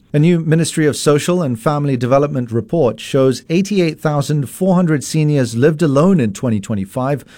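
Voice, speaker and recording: A man reading a radio news bulletin in a measured, formal way. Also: a little high, a little mellow, dry recording, studio quality. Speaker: newsreader. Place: radio studio.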